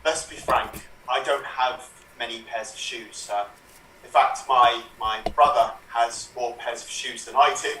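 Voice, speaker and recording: A man improvises a rambling, self-mocking comic monologue over a video call. His voice is bright and sharp, but it sits away from the mic in a roomy space. A faint hiss runs under it. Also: medium pitch, fairly even intonation, unhurried. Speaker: improv performer. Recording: roomy, distant webcam sound.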